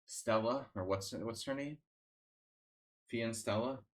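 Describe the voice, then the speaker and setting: A man with a medium-pitched voice talks at an unhurried pace while streaming chess. His casual chat rambles and turns sardonic, full of restarts and filler words.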